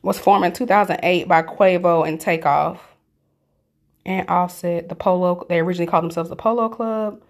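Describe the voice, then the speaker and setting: A young woman co-hosting a podcast, sassy and animated in casual chat. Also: fairly low pitch, normal speed. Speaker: podcast co-host.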